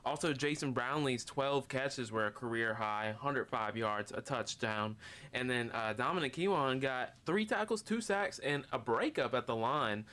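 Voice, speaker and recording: A young man co-hosting a casual student radio sports show, reading sports stats in quick lists. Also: mid-range voice, animated, bright, forceful tone. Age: young adult. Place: college radio studio.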